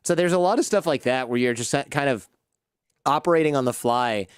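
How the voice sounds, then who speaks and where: Man telling animated stories, smooth and dry. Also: mid-range voice, fairly quick, no room sound. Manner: animated anecdotes, acts out quoted people. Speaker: podcast host as guest. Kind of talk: storytelling in a casual interview.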